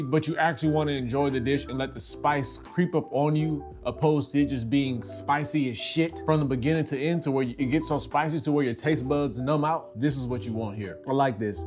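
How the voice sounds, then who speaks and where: A man tasting and reviewing noodles on his food vlog, talking casually and getting excited, loud one moment and mumbling the next. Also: medium pitch. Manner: animated, excitable, swings between loud and mumbled; casual slang-heavy talk. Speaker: food vlogger. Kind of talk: casual chat to camera.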